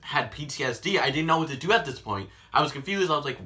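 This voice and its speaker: A man telling a story in a casual vlog, animated and sarcastic. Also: on the high side, fast talker. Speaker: vlogger.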